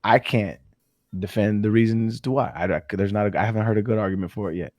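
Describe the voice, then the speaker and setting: A man's voice: lowish voice, a little mellow, no echo, soft background music. Guy chatting loose on a podcast, keeps restarting his sentences, dry close sound. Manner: halting, restarts often, quotes himself with slangy asides. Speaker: podcast host. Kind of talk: casual chat.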